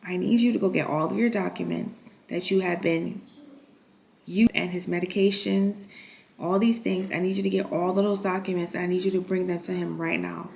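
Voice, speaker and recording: A man's voice: high-pitched, little pitch movement, moderate pace, vocal fry, a little mellow, slight background noise. A woman voicing her uncle, who presses her urgently to act.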